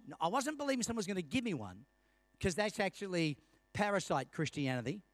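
A man in his fifties preaching a sermon with a strikingly high voice. He tells a personal story and keeps checking in with the congregation. The sound is close and dry, with no room around it. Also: big pitch swings, a little fast, no room sound. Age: 50s. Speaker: pastor.

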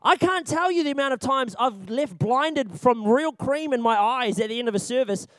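A young man giving a church training talk on children's ministry, animated and jokey, laughing often and repeating his key points for emphasis. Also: very high voice, moderate pace, no echo.

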